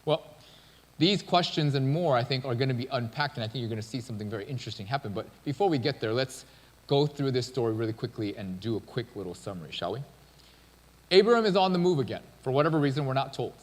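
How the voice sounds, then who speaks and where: A man's voice: mid-range voice, animated, fast. A male pastor preaching a sermon in a casual, conversational storytelling manner. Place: church sanctuary. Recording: long church-hall reverb.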